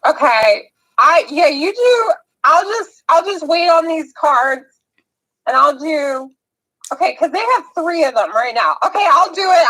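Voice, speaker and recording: Young woman, high voice, slow hesitant delivery, giggly nerves, reading tarot cards casually. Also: lively intonation, sharp tone, poor audio. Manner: hesitant, giggly, nervous rambling. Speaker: tarot reading game player. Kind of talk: casual chat.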